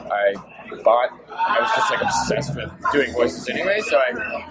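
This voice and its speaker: A man's voice: mid-range voice, sing-song, heavy background noise. A young man from Texas, an audiobook narrator, chatting casually as an interview guest in a playful, jokey way. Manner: playful, jokey, quick to slip into silly voices.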